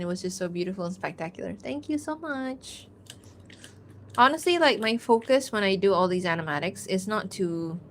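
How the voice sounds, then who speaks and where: Young woman streamer, rambling and chatty, laughs easily, light background hiss. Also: mid-range voice. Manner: rambling, chatty, many "like" fillers, laughs often. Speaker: artist streaming a drawing Q&A. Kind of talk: casual livestream chat while drawing.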